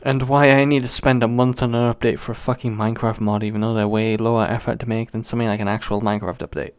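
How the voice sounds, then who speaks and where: A man's voice: fairly low pitch, flat delivery, fast, darkish tone, clear, resonant tone. Rambling sweary young British man. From Britain. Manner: rambling, sweary, self-mocking. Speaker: podcast host. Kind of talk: solo casual podcast rant.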